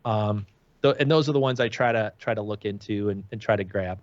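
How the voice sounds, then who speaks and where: A man's voice: lowish voice, a little fast, dry recording, dull audio. A man guesting on a podcast, chatting eagerly and filling his talk with "like". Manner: chatty, enthusiastic, lots of "like". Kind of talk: casual chat.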